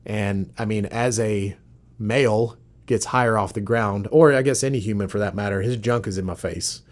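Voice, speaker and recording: A man in his thirties, co-hosting a podcast, telling a funny story in a casual, animated way. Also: on the low side, moderate pace. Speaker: podcast co-host.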